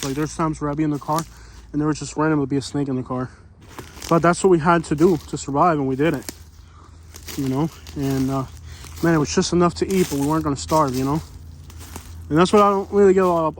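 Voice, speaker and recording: A man's voice: on the high side, slight background noise. A man out of breath, walking through hot woods and talking in a rambling, folksy way full of "you know," as he vlogs. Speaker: vlogger exploring homeless camps. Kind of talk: casual walking vlog narration. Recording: faint outdoor ambience.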